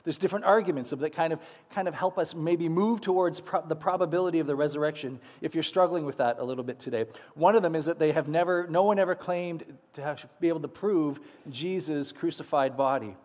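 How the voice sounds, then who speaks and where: Male pastor, slightly high voice, dramatic sermon delivery in a reverberant sanctuary. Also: a little fast, hardly any pauses. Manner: dramatic, drops to soft low endings. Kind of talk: Easter sermon with scripture reading.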